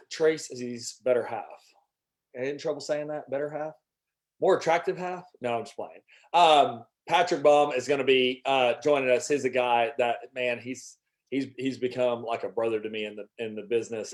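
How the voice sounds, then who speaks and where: A man hosting a sales workshop, giving a casual, energetic motivational talk full of restarts and little jokes. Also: mid-range voice. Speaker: workshop host.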